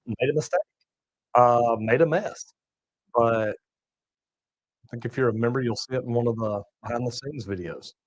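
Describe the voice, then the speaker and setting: A middle-aged man talks in a relaxed, folksy drawl, tossing in y'all and man as he chats on a livestream. His voice sits in an ordinary middle register and sounds close and dry, with no room around it. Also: mid-range voice, normal speed, pauses often, no echo, poor audio. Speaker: plumbing channel host reading live chat. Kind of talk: casual livestream chat.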